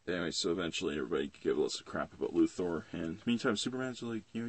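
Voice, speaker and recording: A man's voice: deep voice, expressive, rapid-fire, breathy edge. A young man casually rambling through a comic book review, with plenty of fillers and swearing. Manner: rambling and profane, with many fillers.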